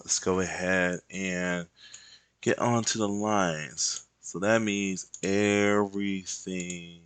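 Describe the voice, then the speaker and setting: A man's voice: low-pitched, fairly even intonation, slow, fairly bright tone, slight background noise. A man chatting casually while he works on digital art, rambling and playful, drifting into humming and little songs between remarks. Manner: rambling and playful, hums and sings to himself. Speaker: digital artist and content creator.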